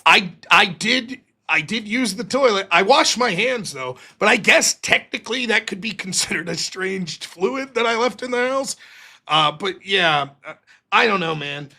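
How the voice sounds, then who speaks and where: A male live-stream host chatting casually, his voice high and bright with big swings in pitch. He slips into mocking imitations of others as he retells arguments, and says he is losing his voice. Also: animated, normal speed.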